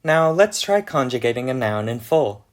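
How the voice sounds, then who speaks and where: Man calmly explaining a made-up language. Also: medium pitch, moderate pace. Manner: methodical, steps through examples. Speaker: conlang presenter. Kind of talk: scripted explanatory narration.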